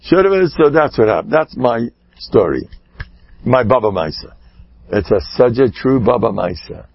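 A rabbi giving an animated sermon, swinging between shouting and hushed asides, with Yiddish and Hebrew words woven in. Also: male voice, mid-range voice, normal speed, gravelly, no echo, lo-fi sound. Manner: peppers speech with Yiddish and Hebrew terms. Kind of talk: sermon storytelling.

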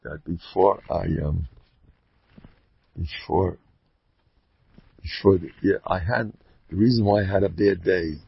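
Rabbi giving a shiur, raspy voice, dry dull recording. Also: male voice, sits low, unhurried, long pauses, dry recording. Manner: animated storyteller, jumps between Hebrew terms and English slang. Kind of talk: Torah lecture with storytelling.

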